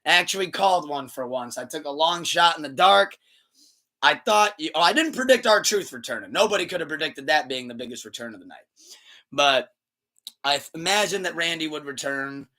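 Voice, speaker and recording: A man's voice: on the high side, moderate pace. A man hosting a podcast, talking loosely and swearing freely as he retells events and acts out quotes. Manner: animated retelling with acted-out quotes. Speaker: podcast host. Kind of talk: casual chat.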